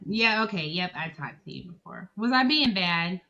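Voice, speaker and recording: A woman's voice: lowish voice, expressive, moderate pace, sharp tone, highs cut off. A woman greeting everyone on an online panel in a bubbly, sing-song way.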